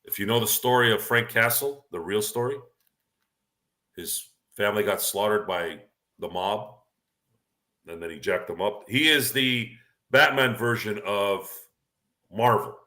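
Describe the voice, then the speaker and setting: A man's voice: fairly low pitch, a little slow, pauses often, bright, forceful tone. A man hosting a casual chat, talking in an opinionated, rambling way with frequent restarts. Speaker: podcast host. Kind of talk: casual sports and movie chat.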